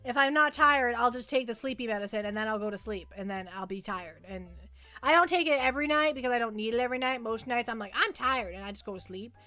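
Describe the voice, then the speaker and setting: Chatty woman livestreamer, bright voice. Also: on the high side, quick pace, faint music behind. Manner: rambling, repeats words, reads and answers chat. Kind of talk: casual chat with live chat.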